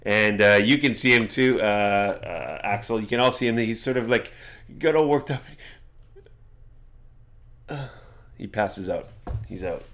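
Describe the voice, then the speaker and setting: A man narrating a tabletop game as its game master. His voice sits fairly low, and he rambles, often circling back mid-sentence. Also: normal speed, fairly bright tone. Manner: rambling, many fillers and restarts.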